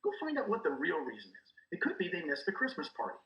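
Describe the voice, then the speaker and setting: A middle-aged man giving energetic coaching talk as a guest, acting out quoted dialogue as he goes. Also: fairly high pitch, fast, roomy sound, muffled recording. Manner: animated, acts out quoted dialogue. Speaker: guest, real estate recruiter.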